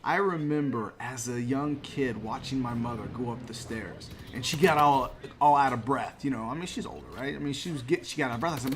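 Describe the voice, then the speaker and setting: A man's voice: mid-range voice, a little fast, hardly any pauses. A man in his late thirties giving chatty, motivational commentary while playing a video game. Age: 30s. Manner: chatty, motivational, laughs at himself. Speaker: gaming channel host. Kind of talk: casual gameplay commentary.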